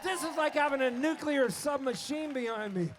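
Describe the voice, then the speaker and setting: This Canadian man, a singer-songwriter, talks at a normal speed in an extremely high voice over music. He's chatting with a live festival crowd on an outdoor stage, spinning a meandering joke and chuckling at his own punchlines. The sound comes through his stage vocal mic on the soundboard while a band plays quietly.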